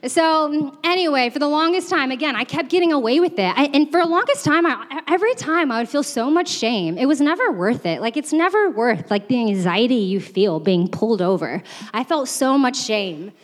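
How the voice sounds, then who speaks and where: A woman's voice: high-pitched, expressive, moderate pace, hardly any pauses. A young woman on a church's staff, telling a self-deprecating story in a sermon, chatty and laughing often, with lots of fillers. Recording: long reverb from a large hall.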